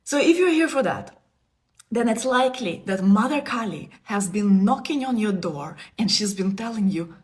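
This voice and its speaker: A woman in her thirties giving a casual spiritual talk on a live stream. She is playful, laughs often and moves between soft asides and emphatic bursts. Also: mid-range voice, animated, normal speed. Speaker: spiritual teacher. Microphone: phone or webcam on a live stream.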